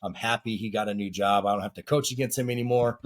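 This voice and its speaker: A man's voice: lowish voice, fairly even intonation, fast. A man co-hosting a casual podcast as a soccer coach, chatty and rambling with filler words.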